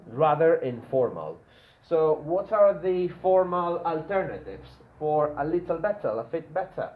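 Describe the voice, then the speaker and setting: A man leads a grammar lesson, his slightly high voice leaping up and down as he drills words over and over. He keeps checking in with his class with a quick "yeah?" The sound is roomy and a little muffled, with faint classroom noise behind. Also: big pitch swings. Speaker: English teacher.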